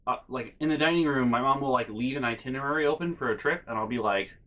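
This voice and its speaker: Rambling deadpan man telling stories. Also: medium pitch, quick pace, phone-quality sound. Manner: rambling, deadpan, many fillers. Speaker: YouTuber. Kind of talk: comedic storytime vlog.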